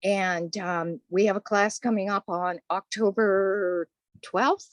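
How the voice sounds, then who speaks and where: A woman's voice: mid-range voice, fairly even intonation, takes it slowly, dry recording. An older woman with a Boston accent, a course instructor chatting through interview answers. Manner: chatty, conversational.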